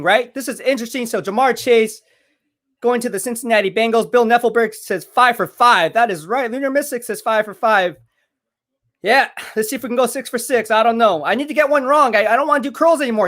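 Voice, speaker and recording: Hyped high-voiced man streaming live. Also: animated, fairly quick. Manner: hyped, chatty, shouts out viewers. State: out of breath from curls. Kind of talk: live draft watch party, reading chat.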